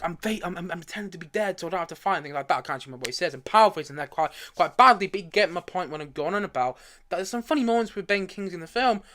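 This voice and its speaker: Fast-talking chatty male film streamer. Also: fairly high pitch, a bit bright. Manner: rambling and chatty, with frequent restarts and asides while searching for images. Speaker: movie review livestream host. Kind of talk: casual live-stream film chat.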